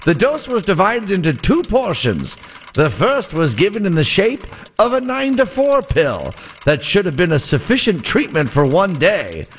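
A man voicing a florid old-time male radio sportscaster in a theatrical, drawn-out period delivery. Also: sits high, sing-song, slight background noise, voice pushed up.

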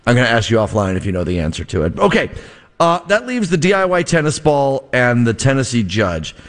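A man's voice: mid-range voice, big pitch swings. A man hosting a radio show as a fill-in, joking and bantering casually with his co-hosts. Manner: playful, joking, quick to laugh. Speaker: radio show host filling in.

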